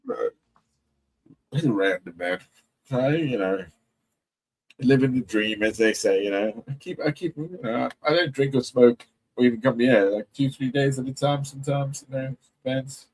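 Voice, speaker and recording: A man's voice: mid-range voice, normal speed, a little mellow, poor audio. A man chatting as a guest on a live stream, laid-back and rambling, swearing freely. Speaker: panel guest. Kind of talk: casual chat.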